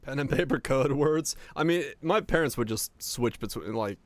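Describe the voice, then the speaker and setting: A man's voice: medium pitch, expressive, moderate pace, no room sound. A streamer from Finland with an American accent carrying slight Southern touches, rambling casually as he answers chat.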